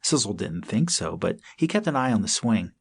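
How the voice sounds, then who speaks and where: Gravelly male storybook narrator. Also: on the low side, very animated, moderate pace. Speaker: audiobook narrator. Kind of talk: scripted narration of a children's story.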